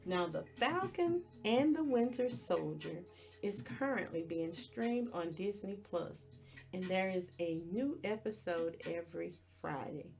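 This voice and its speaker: A woman with a lowish voice talks through a show's plot in an unhurried podcast recap. She walks through each scene plainly, one step at a time, while faint music sits behind her. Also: animated, gravelly, darkish tone. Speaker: podcast host. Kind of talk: casual movie recap.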